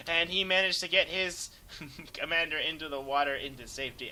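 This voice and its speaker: A young man casually commenting over a replay of a strategy game, rambling and self-deprecating, sometimes breaking into excited yelps. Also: fairly high pitch, brisk, low-quality recording. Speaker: gameplay commentator.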